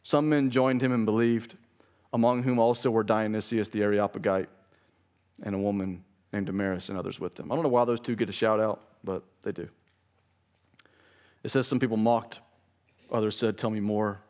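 A man's voice: lowish voice, fairly even intonation, fairly quick, pauses often, a little mellow. A man preaching a sermon to his church, emphatic and pleading, stressing key phrases. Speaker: pastor. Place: church sanctuary.

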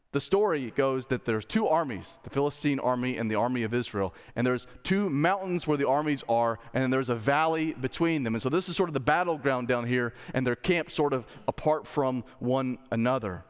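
Man, pastor, sermon, casual and chatty delivery, emphatic peaks, mid-pitched voice, long church reverb. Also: animated, brisk, clean tone. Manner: casual, conversational preaching with slang asides; rises to emphatic intensity when making a point. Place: church sanctuary.

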